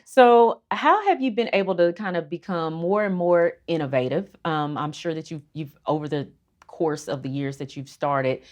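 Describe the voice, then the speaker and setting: A woman's voice: low voice, moderate pace, a little mellow. A woman hosting an interview, affirming the guest often and asking long, meandering questions. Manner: affirming, with many "mm-hmm" and "kind of". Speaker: show host.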